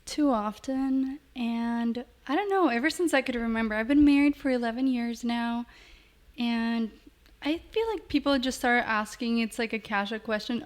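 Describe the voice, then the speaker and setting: A woman's voice: a little high, normal speed. A woman in her thirties co-hosting a podcast, talking candidly and laughing often. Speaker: podcast co-host. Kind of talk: casual podcast chat.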